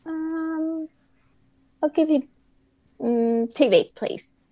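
A woman's voice: sits high, extremely slow, long pauses, dark tone. A woman taking part in a casual trivia quiz, thinking aloud and hesitating. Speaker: quiz contestant. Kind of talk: casual quiz show banter.

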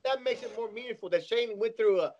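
A man's voice: sits high, a little mellow. A man co-hosting a podcast, talking casually and profanely with many restarts. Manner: halting, profane, full of restarts. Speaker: podcast co-host. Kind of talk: casual chat. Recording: dull lo-fi recording.

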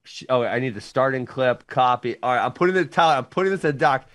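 A man co-hosting a casual online show, excitable and laughing, his voice jumping high when amused. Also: quick pace, few pauses. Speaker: co-host.

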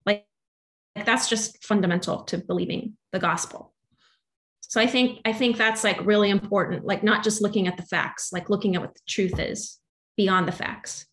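A woman's voice: medium pitch, normal speed. A young adult woman, a musician guest, talking through faith and doubt in a loose, rambling way full of fillers. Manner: rambling, filler-heavy, animated. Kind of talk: casual faith conversation.

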